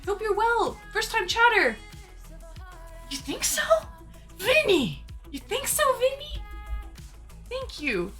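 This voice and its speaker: Bright, high-voiced chatty woman streamer. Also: sing-song, takes it slowly, pauses often. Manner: chatty, greets viewers by name, laughs a lot. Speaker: live streamer. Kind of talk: casual live-stream chat with viewers. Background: faint background music.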